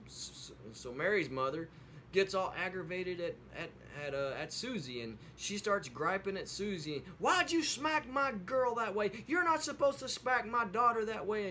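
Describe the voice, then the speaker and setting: A man's voice: a little high, fairly bright tone, slight background noise. A man telling a folksy story in a casual, rambling way with many fillers, then closing with an earnest preaching tone. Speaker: video host telling a devotional story. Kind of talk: casual storytelling with a sermon close.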